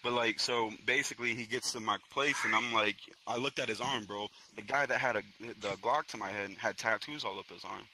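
A man's voice: mid-range voice, a little fast, few pauses, noisy background. A young man from Florida telling a story to friends in a rambling, profane street-slang way. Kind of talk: casual storytelling among friends. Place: online virtual social space.

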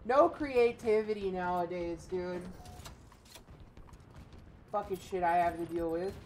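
A woman's voice: fairly low pitch, measured pace, background noise. A young woman streamer giving casual gameplay commentary, ranting profanely and frustrated at the game. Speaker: gaming streamer.

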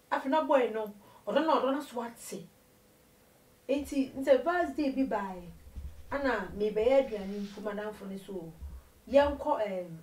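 A woman telling her life story in an interview, an animated storyteller who switches between Twi and English. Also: on the high side, reverberant, far from the mic, rough recording. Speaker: interview guest.

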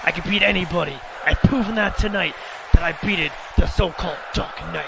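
A man's voice: high-pitched, brisk, vocal fry. A man playing a gloating evil clone wrestler. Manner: boastful, gloating. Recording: noisy home recording.

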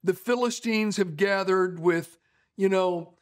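A man's voice: high-pitched, slow. A middle-aged male pastor preaching in a folksy, storytelling way, with frequent restarts and fillers. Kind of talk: conversational sermon storytelling.

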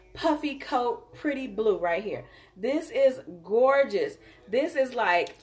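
A woman hosting a live jewelry sale, chatting casually and warmly addressing viewers as y'all and honey. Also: fairly high pitch, distant mic.

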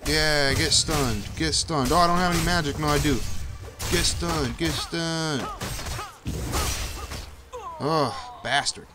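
A young man casually narrating his own gameplay, swearing often and breaking into high yelps when danger shows up. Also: takes it slowly, long pauses, over music. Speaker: gameplay commentator. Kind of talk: casual let's-play commentary.

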